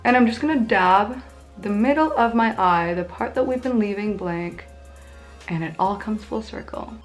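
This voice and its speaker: A woman's voice: medium pitch, expressive, moderate pace, soft background music. Chatty young woman doing makeup tutorial. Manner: chatty, bubbly, self-mocking asides. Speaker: beauty vlogger.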